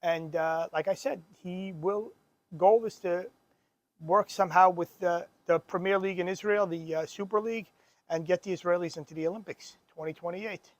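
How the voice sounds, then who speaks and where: A man's voice: high voice, steady tone, normal speed, no echo. A man co-hosting a podcast, telling stories in casual chat, often laughing and stumbling over restarts. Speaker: podcast co-host.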